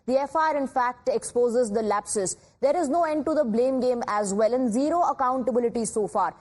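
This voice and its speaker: A woman with an Indian English accent anchoring a TV news bulletin in a measured, formal way. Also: a little high. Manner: measured, formal newsreading with occasional fillers.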